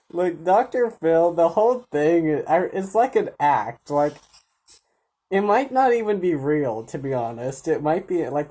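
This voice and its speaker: Low, slow-talking woman vlogger. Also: dark tone, husky. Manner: rambling, many fillers, chuckling asides. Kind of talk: casual commentary.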